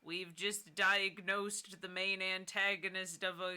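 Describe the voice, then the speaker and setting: A woman on a casual live stream, drawling along at an easy, slow pace. Her voice is bright and forward, and she jokes and swears as she talks. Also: medium pitch, little pitch movement, smooth. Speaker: streamer co-host. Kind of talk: casual Twitch stream chat.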